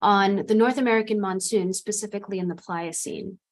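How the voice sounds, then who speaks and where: A woman presenting a research seminar over a video call, measured and explanatory, with frequent pauses. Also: medium pitch. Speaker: seminar speaker.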